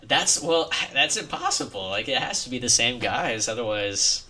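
A man as a podcast guest, chatting casually with halting starts and frequent laughs. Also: mid-range voice, expressive, sharp tone. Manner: halting, restarts, giggly. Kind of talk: casual chat.

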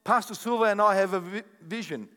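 An older man preaching a sermon as pastor, animated and jokey, often repeating his words. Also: sits high, fairly quick. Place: church hall. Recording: echoey church hall sound.

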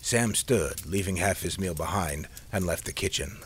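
A man narrating an audiobook story with a steady, measured reading. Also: sits low, slight background noise.

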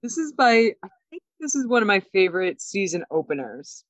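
A woman co-hosting a podcast, recapping a TV episode in casual chat, animated and laughing often. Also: mid-range voice, a little fast, dry recording. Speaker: podcast co-host. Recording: dull, dry sound.

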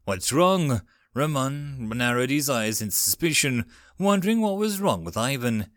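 A male narrator reading a web novel aloud, his voice sitting in a middle pitch. His pitch moves a great deal and the sound is dry and close. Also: lively intonation, normal speed, no room sound. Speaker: audiobook narrator.

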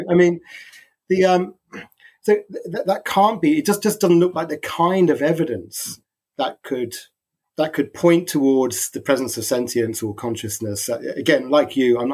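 Male panelist, husky, mid pitch, stutters on restarts, amused. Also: a little mellow. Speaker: philosophy panelist. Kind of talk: casual academic discussion.

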